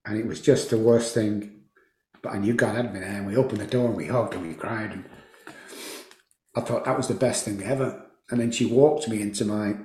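A podcast guest who founded an addiction recovery program tells emotional stories in an interview, speaking emphatically and fervently and repeating phrases for force. His voice is medium-pitched and a little mellow, recorded in a roomy space with echo.

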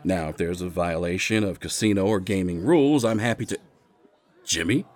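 An actor playing a calm, firm male casino floorman who speaks in measured tones. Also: deep voice, natural voice.

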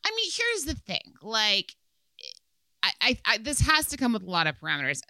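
A young woman co-hosts a podcast, chatting casually and laughing as she talks, often stumbling over repeated words. Her voice is bright and crisp, low in pitch but lively in range. The recording is dry. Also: normal speed, no room sound. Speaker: podcast co-host. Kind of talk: casual chat.

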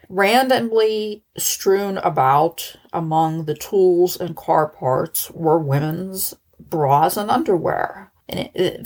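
Unhurried woman telling a true-crime story. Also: low voice. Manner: conversational, animated retelling. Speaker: podcast host.

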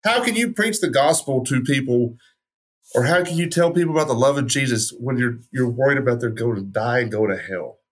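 A man's voice: mid-range voice, expressive, a little fast. Passionate male podcast co-host ranting. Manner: passionate, ranting, frequent restarts. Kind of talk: podcast conversation.

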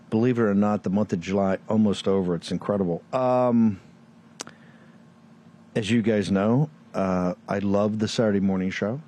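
A show host from Virginia, USA, delivers a combative political commentary monologue packed with rhetorical questions and mocking asides. His voice is lowish and darkish in tone, with slight background noise.

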